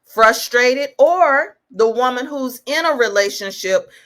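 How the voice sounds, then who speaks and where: Emphatic, animated woman life coach. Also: a little high, slow. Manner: animated, emphatic, laughs easily. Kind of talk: casual podcast conversation.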